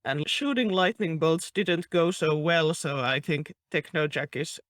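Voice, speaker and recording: A male tabletop player with a somewhat high voice, rambling playfully through his turn. He talks slowly, and the recording is dry. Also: fairly bright tone, no echo. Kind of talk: casual tabletop play.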